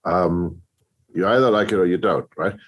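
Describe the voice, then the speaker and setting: A middle-aged man with a low-pitched voice and moderate pace tells stories in a podcast interview, where he appears as a guest film composer. His delivery is lively, with frequent restarts and acted-out reactions from others.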